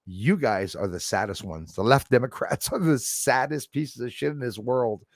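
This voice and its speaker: A man's voice: medium pitch, moderate pace, vocal fry, no echo. Blunt, profane man ranting on a live stream. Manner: blunt, profane, rambling, laughs at critics. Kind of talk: casual live-stream rant to chat. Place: outdoors in a forest.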